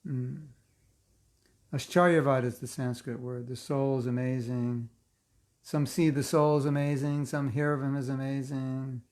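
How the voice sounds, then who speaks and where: A man's voice: medium pitch, steady tone, a little slow, darkish tone. A man teaching a casual online scripture class, reading passages aloud and breaking off into joking, chatty asides. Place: online class, seated in a chair.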